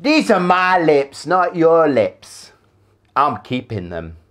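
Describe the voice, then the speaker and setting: A man's voice: a little high, sing-song, slow pace, fairly bright tone. A man filming a playful vlog in his indoor hallway, talking to himself as he goes. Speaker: YouTuber.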